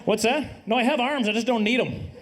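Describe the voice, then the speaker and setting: A middle-aged Canadian man doing a live stand-up set, dry and self-deprecating, now and then bursting into loud put-on voices. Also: very high-pitched, brisk. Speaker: stand-up comedian. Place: comedy stage before a live audience.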